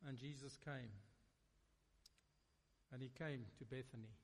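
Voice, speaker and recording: A man preaching a sermon, dramatic, swinging between loud emphasis and hushed, quiet lines. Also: mid-range voice, steady tone, a little slow. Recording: long reverb of a large hall.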